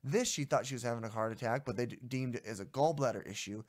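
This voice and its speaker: A man's voice: medium pitch, fast. A young adult man co-hosting a casual podcast, telling a story in an exasperated, ranting way. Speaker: podcast co-host.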